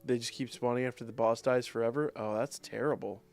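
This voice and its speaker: A man's voice: medium pitch, steady tone, a little fast, darkish tone, faint music behind. A man streaming a game live, talking to chat in a loose, casual way and swearing and ranting whenever the game frustrates him. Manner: swears a lot, rants in frustration. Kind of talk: live gameplay stream commentary.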